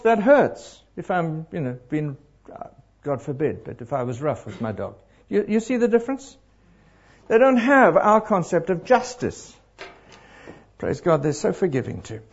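A middle-aged man preaching to a congregation, animated and throwing questions out to the crowd. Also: fairly high pitch, husky. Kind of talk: interactive sermon. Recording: dull lo-fi live recording.

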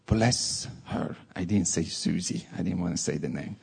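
A man's voice: low-pitched, steady tone, fairly quick, creaky, warm tone. A man preaching a sermon, telling a personal story in an earnest way and repeating words for stress.

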